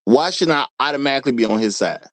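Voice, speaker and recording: A man's voice: medium pitch, lively intonation, quick pace, a bit bright, no room sound. A man hosting a livestream, talking casually, reading chat aloud and repeating his phrases. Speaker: livestream host.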